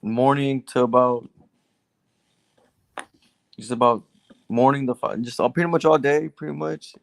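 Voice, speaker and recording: A man's voice: medium pitch, steady tone, measured pace, creaky, dry recording. A man calling in for advice, telling a long story with many restarts. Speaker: caller seeking advice. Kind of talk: casual phone conversation.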